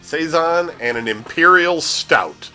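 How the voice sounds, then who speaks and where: A man's voice: fairly high pitch, lively intonation, slow pace, pushed and bright, faint music behind. A man hosting a casual gaming news show, joking and laughing as he reads the week's releases. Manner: jokey, laughs often, stumbles over names. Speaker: news host. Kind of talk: casual podcast chat reading news.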